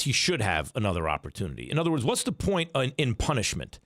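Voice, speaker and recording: A man's voice: a little high, no room sound, clean studio sound. A middle-aged man hosting sports talk radio, arguing his takes with rhetorical questions. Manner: argumentative, rhetorical questions, animated delivery.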